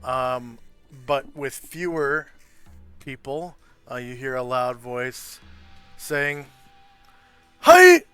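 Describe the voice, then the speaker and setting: A man narrating a tabletop game as game master, describing scenes in an unhurried, loosely improvised way. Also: mid-range voice, steady tone, pushed and bright, smooth, soft background music.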